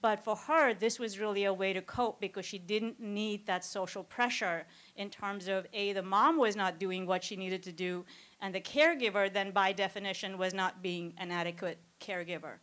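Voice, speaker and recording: A woman presenting at a conference, explaining a clip in a clear, measured way. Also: medium pitch, steady tone, a bit bright. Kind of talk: academic talk.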